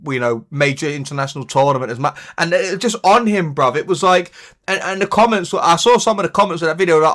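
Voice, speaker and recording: A young man, co-hosting a podcast, chatting about football in a sweary, animated way. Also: on the high side, quick pace. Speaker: podcast co-host. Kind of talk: casual chat.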